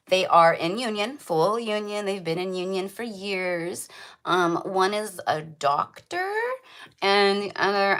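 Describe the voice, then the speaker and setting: A woman's voice: medium pitch, fairly bright tone. A woman giving a casual tarot reading to camera, rambling and filling her talk with "like" and "right?". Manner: chatty, rambling, full of "like" and "right?". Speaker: tarot reader.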